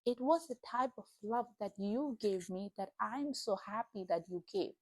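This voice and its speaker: A woman's voice: medium pitch, expressive, moderate pace, dry recording. A young woman sharing a personal faith testimony in an earnest, emotional, chatty way with lots of fillers. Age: young adult. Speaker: Christian vlogger. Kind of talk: casual spoken testimony.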